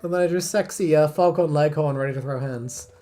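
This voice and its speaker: A woman's voice: sits low, a little fast. A woman from England with an English accent, chatting casually on a live stream while she draws, laughing and swearing often. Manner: animated, laughing, swearing, reading chat. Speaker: streamer, artist.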